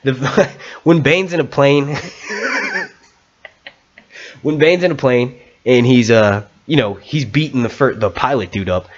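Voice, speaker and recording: A man's voice: medium pitch, moderate pace, highs cut off. A man hosting a live stream in a casual, rambling way, swearing and restarting his sentences often.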